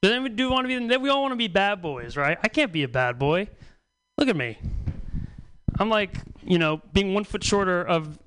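High-voiced self-mocking male stand-up. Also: animated, moderate pace, a bit bright, a little hiss or hum, rough recording. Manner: self-deprecating, profane, rambling with chuckles. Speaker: stand-up comedian. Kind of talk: stand-up comedy set. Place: comedy stage before a small audience.

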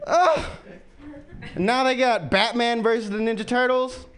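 A man doing a stand-up comedy set, profane and animated, jumping into quick character bits. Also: very high voice.

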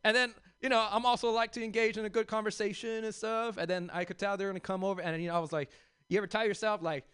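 A man's voice: high voice, steady tone, quick pace, a bit bright, clear, resonant tone, dry recording, clean studio sound. A man from South Central Los Angeles doing a stand-up comedy set, talking loosely to the crowd with fillers and restarts and calling them "y'all.". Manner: rambling with many fillers and restarts.

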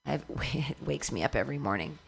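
A woman hosting a radio show who chats casually and rambles, with quick laughs. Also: very deep voice, lively intonation, creaky, breathy edge. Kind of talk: casual chat and announcing.

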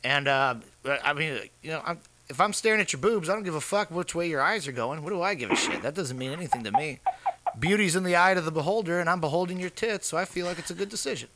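A man telling crude, animated comic stories on a podcast. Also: a little high, fast, slight background noise. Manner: brash, profane, animated. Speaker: podcast co-host, comedian. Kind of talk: crude comedic storytelling.

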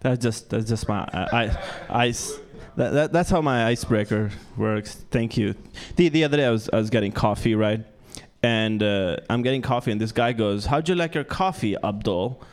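A young man does a stand-up comedy set on a club stage into a handheld mic, joking at his own expense and tripping over restarts. His voice sits on the low side, and he speaks at a moderate pace with few pauses.

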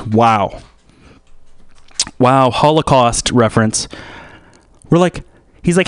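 A man's voice: mid-range voice, expressive, slow, long pauses, clear, resonant tone, dry recording, studio quality. A young man hosting a radio show, rambling through a comedic monologue with many restarts. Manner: meandering, restarts a lot, switches into put-on voices.

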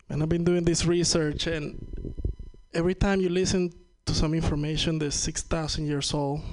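Gravelly high-voiced Venezuelan comic. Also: male voice, darkish tone. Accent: Venezuelan Spanish. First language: Spanish. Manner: rambling, profane, laughs at own jokes. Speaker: stand-up comedian. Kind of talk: stand-up set. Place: comedy show stage.

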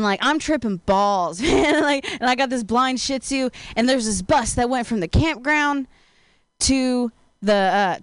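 Stand-up woman, high voice, dry close sound, loose rambling delivery. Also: clear, resonant tone, dry recording. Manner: rambling, laid-back, full of "like". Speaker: stand-up comedian. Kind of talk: stand-up storytelling.

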